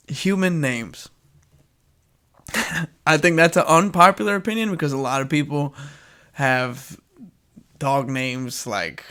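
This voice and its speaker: A man's voice: on the high side, sharp tone. A young man with a nasal voice hosting a casual solo podcast, rambling and joking with frequent laughs. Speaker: podcast host.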